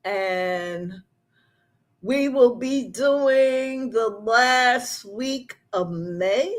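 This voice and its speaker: A woman's voice: a little high, extremely slow. A woman hosting a live show, telling stories in casual chat, laughing often and drawing out her exclamations.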